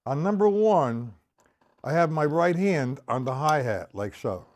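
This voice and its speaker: A man's voice: fairly high pitch, animated, measured pace. A man teaching a drum lesson, explaining patterns step by step and counting sixteenth notes aloud. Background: drum kit playing.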